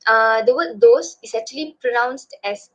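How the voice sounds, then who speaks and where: This young adult woman from Malaysia, speaking with a Malaysian accent, has a somewhat high, expressive voice and keeps a moderate pace in her casual student webinar talk. Her manner is chatty and full of fillers, and the call audio sounds dull and low-fidelity.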